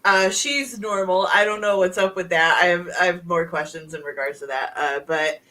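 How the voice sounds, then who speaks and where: A woman's voice: on the low side, normal speed, bright, forceful tone. A woman co-hosting a casual wrestling review, asking questions and giggling. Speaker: podcast co-host.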